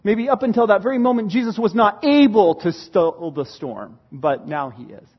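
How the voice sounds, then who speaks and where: A man preaching a sermon, swinging from loud dramatic retelling to hushed emphasis. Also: sits high, animated, normal speed, husky, muffled recording. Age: adult parent. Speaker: pastor.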